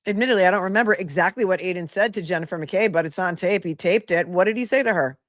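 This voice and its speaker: A woman's voice: fairly low pitch, fast, no room sound, clean studio sound. A woman with a Boston accent hosting commentary on a court hearing, sarcastic and full of rhetorical questions. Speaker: host.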